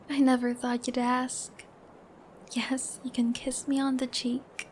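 A woman's voice: high-pitched, fairly even intonation, very slow, a little mellow, slight background noise. A young woman playing a shy, giggly girlfriend who babbles affectionately, in a whispered role-play. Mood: shy, tender.

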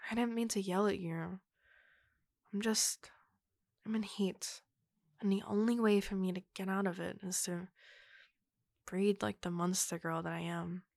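A woman voicing a gravelly muscular wolf girl. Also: medium pitch, fairly even intonation, a little mellow, no echo, clean studio sound, lightly acted. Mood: frustrated. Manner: slow, gravelly, dropping into breathy whispers. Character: muscular wolf girl monster, flustered and forward. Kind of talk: audio role-play.

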